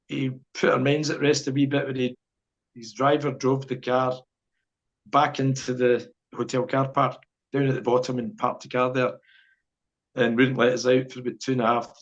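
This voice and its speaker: A middle-aged Scottish man telling a long anecdote as a podcast guest, rambling and chuckling as he goes. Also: mid-range voice. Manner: rambling storyteller, chuckles often. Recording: dull lo-fi podcast audio.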